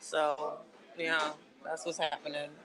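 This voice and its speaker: A woman's voice: sits low, monotone, slow pace, a bit bright. A woman livestreaming from a diner, venting angrily and swearing a lot in a casual, fed-up way. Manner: angry, profane venting. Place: inside a busy diner. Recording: noisy diner crowd behind. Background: restaurant crowd chatter.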